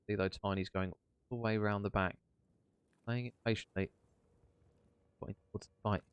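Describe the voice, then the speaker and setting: A young man giving live esports play-by-play as a caster, chatty and quick to banter between rounds. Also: lowish voice, steady tone, slight background noise.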